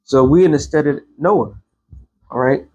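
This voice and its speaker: A man's voice: a little high, moderate pace, dark tone, dull audio. A man giving a casual, rambling religious commentary as an online host, blunt and quoting scripture.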